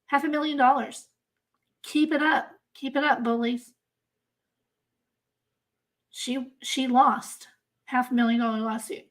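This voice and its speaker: A woman's voice: sits high, fairly even intonation, measured pace, pauses often. A woman hosting a crime channel livestream. She talks casually to her chat, in an emphatic, exasperated way, and she repeats herself for effect. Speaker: host of a crime-case channel.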